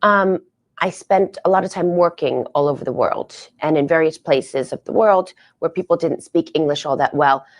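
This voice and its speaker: Woman, low voice, interview clip guest, over-enunciates, measured and deliberate. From United States. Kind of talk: explaining herself in an interview.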